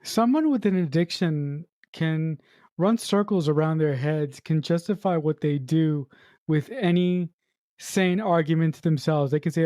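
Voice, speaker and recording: A man's voice: on the high side, normal speed, mellow, no echo, studio quality. A man co-hosting a podcast, giving his view in a reflective, explaining way. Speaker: podcast co-host. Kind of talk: casual podcast discussion.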